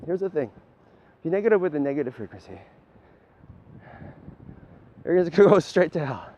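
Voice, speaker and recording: A man's voice: fairly high pitch, animated, normal speed, darkish tone, lo-fi sound, slight background noise. Man preaching in a rambling, profane way. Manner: profane, repeats "right?" often. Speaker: self-styled spiritual leader.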